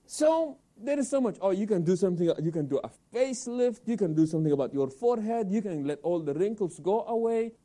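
A man hosting a televised Islamic talk program, animated, answering his own questions and sprinkling in Arabic religious phrases. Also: high voice, fairly quick, hardly any pauses.

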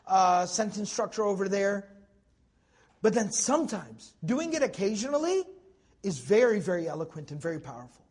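High-voiced man teaching a Quran lesson. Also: slightly rough. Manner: animated, joking with students, repeats words for emphasis. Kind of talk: Quran commentary lesson to a class.

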